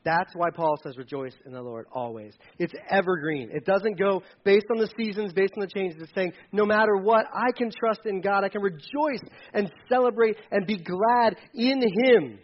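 A man preaching a sermon as pastor, animated, joking with the congregation and repeating key words for emphasis. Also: high-pitched, moderate pace, few pauses, muffled recording.

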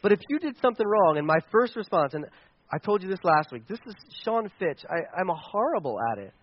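A man preaching a sermon, animated and asking the audience questions. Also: sits high, a little fast, lo-fi sound. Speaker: pastor.

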